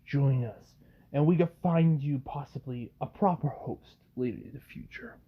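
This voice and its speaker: A man voicing an alien symbiote creature that speaks as a group, low and half-whispered. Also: normal speed, husky, narrow, tinny audio. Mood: sly.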